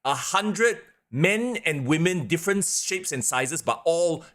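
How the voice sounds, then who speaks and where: A man's voice: fairly high pitch, a little slow. A man co-hosting a wrestling podcast in a casual, rambling chat full of fillers. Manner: animated, rambling, lots of fillers. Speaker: podcast co-host.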